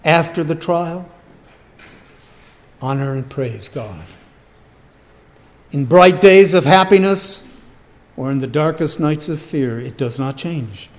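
A male preacher delivers a sermon slowly and deliberately, hammering home his points by repeating them. His pitch sits a little high and rises and falls freely. The sound carries a long reverb, as in a large hall. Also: lively intonation. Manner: emphatic, repeats key phrases.

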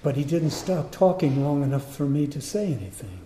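A man telling a personal story in a sermon, in an earnest, animated way. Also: on the high side, normal speed, slight background noise. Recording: roomy echo.

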